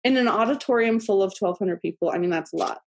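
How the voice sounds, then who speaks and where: A woman in her thirties, an interview guest, telling a personal story in a chatty, animated way with many fillers and laughs. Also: medium pitch, fast. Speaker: podcast guest.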